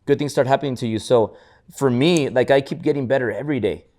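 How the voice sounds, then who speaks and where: A man's voice: medium pitch, fast talker. A man co-hosting a podcast, telling stories in casual motivational chat, often restarting words and acting out others' lines. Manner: repetitive restarts, animated storytelling. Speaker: podcast co-host.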